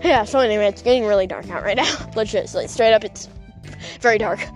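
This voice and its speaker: A woman's voice: medium pitch, fast talker, soft background music. A woman telling a rambling story while she walks outdoors at night. She giggles often and fills her speech with "like". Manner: rambling, giggly, full of fillers like "like". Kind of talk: casual vlog storytelling.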